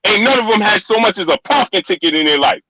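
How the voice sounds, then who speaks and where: A man's voice: sits high, lively intonation, quick pace, pushed and bright, rough recording. A middle-aged man arguing on a live stream, insistent and repetitive, talking over the other speaker. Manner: insistent, repeats himself, talks over others. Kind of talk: heated live-stream argument.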